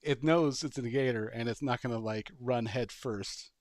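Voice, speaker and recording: A man's voice: medium pitch, normal speed, darkish tone, dry recording, studio quality. A man on a podcast, chatting casually and telling a long, rambling story, acting it out with barking sound effects. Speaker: podcast co-host. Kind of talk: casual chat.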